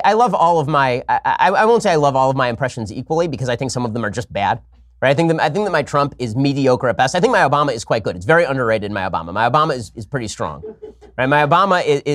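Wry, fast-talking host, dry studio sound. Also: male voice, medium pitch, dry recording. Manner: talkative, frequent restarts, wry. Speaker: podcast host. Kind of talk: casual Q&A monologue.

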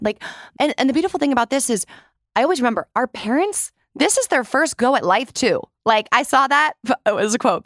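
A woman's voice: mid-range voice, dry recording, clean studio sound. A young woman hosting her own podcast, talking casually and earnestly, with frequent "like"s and casual swearing. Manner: chatty, says "like" often, swears casually. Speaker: podcast host. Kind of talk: casual solo podcast talk.

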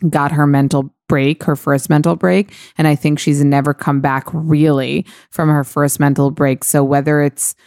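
A woman's voice: low-pitched, level tone, normal speed, hardly any pauses, darkish tone, no echo, clean studio sound. A woman hosting a podcast, chatting casually and candidly with lots of fillers. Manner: rambling, filler-heavy, candid. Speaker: podcast host.

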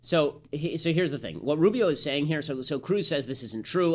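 A man's voice: a little high, expressive. A man hosting a podcast, delivering combative, sarcastic political commentary as a monologue. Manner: rapid-fire, sarcastic, combative. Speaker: podcast host.

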